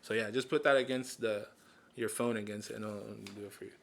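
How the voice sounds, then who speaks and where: A man's voice: lowish voice, steady tone, quick pace. A man hosting a casual interview, joking loosely, swearing and dropping in Spanish words. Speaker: podcast host.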